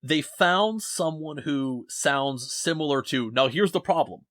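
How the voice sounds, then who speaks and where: A man's voice: fairly high pitch, measured pace, fairly bright tone, no echo. Young male podcast host, rambling and self-deprecating, dry close sound. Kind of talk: casual podcast chat. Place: home basement.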